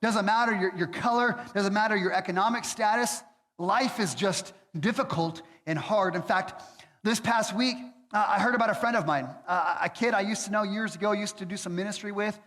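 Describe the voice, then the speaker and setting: Male pastor, high voice, casual halting delivery, long church-hall reverb. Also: fairly bright tone. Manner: conversational, hesitant with frequent fillers. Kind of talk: sermon. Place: church sanctuary.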